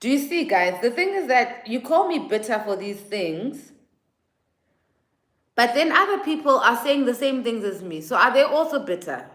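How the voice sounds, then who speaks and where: A South African woman vlogging a casual opinion monologue, animated and mimicking others in exaggerated quotes. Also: on the high side, normal speed. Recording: echoey room.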